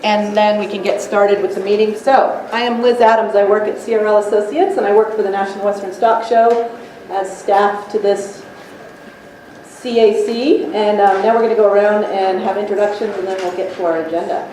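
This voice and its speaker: Woman, meeting facilitator, brisk and welcoming, distant mic, very echoey hall with background noise. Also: mid-range voice, fairly even intonation, mellow. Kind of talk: running a community meeting. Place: large echoey meeting room. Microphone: distant room mic. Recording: echoey room recording from afar with noise.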